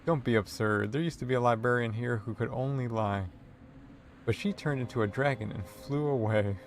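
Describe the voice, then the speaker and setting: A man's voice: mid-range voice, moderate pace, slight background noise, close to an everyday voice. A man voicing a fussy, prim older female librarian who sweetly evades questions and calls people dearie, in a narrated text game. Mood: shaken.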